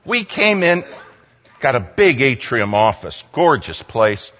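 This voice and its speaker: A man telling a humorous personal story in an animated way, acting out the people in it. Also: mid-range voice, takes it slowly, highs cut off. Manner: animated, acts out quoted voices, repeats himself.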